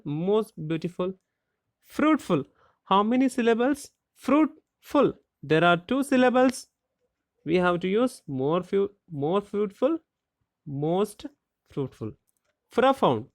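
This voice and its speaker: A teacher explaining a grammar lesson slowly and deliberately, asking rhetorical questions and spelling out letters. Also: medium pitch, no room sound, clean studio sound.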